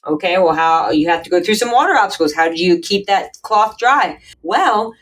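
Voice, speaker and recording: A woman's voice: lowish voice, normal speed, distant mic, low-quality recording. A woman hosting a podcast, telling a personal story in a casual, chatty way and acting out what others said. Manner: chatty, animated, acts out quoted voices. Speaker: podcast host.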